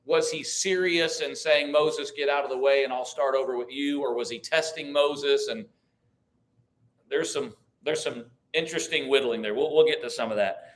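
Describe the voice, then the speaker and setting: A man's voice: mid-range voice, moderate pace. A man teaching a church Bible class, thinking aloud with restarts, reading verses and asking the group questions. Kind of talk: conversational Bible study teaching.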